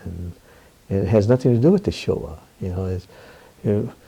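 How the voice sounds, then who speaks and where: An older man with a low, gravelly and slightly husky voice, speaking candidly in an interview. He tells his stories with animation, often breaking into laughter and acting out what others said. His tone is dark and mellow. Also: animated, moderate pace, low-quality recording.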